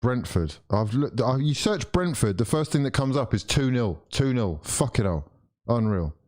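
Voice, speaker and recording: A young man ranting and swearing as he streams a live football watchalong, exasperated at his team. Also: normal speed. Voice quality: lively swings of pitch and loudness.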